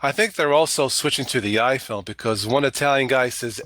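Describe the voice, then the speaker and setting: Bright-voiced upbeat man co-hosting. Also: mid-range voice, brisk, dry recording. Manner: upbeat, enthusiastic. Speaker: co-host. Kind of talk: casual tech chat.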